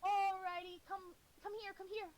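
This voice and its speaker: A woman's voice: extremely high pitch, flat delivery, normal speed, voice pushed up. A woman voicing a fairgoer who scolds someone for eating off the ground, in a coaxing, firm way. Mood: scolding.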